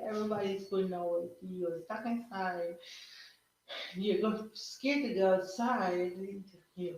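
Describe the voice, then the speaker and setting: A woman's voice: mid-range voice, measured pace, a little mellow, slight background noise. A woman hosting a podcast, musing in casual solo talk and tagging her points with rhetorical questions. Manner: reflective, asks rhetorical questions with frequent "right?". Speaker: podcast host. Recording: very echoey room.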